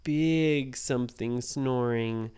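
A man's voice: medium pitch, slow, a little mellow, smooth, lightly acted. Man doing a worried young boy. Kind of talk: bedtime story voice.

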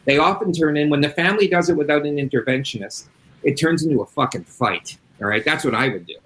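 A middle-aged man speaks in a casual interview as an addiction interventionist. His voice sits in an ordinary middle pitch, and he talks bluntly and emphatically, swearing freely as he makes his points. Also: fairly quick, fairly bright tone, slight background noise, low-quality recording.

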